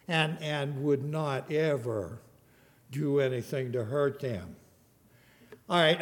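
An older man preaching a sermon, animated, rising loud and then dropping to a soft hush. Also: on the high side, in a large hall. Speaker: pastor.

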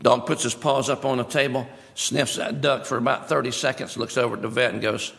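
A man's voice: mid-range voice, fairly even intonation, brisk, creaky, fairly bright tone. A male preacher giving a sermon, emphatic, repeating his key phrases. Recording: long hall reverb.

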